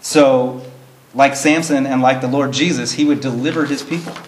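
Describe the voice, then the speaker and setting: A man's voice: mid-range voice, fairly even intonation, normal speed, slight background noise. A man teaching a verse-by-verse Bible study, reading verses in old-fashioned wording and explaining them in plain, earnest terms. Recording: roomy echo.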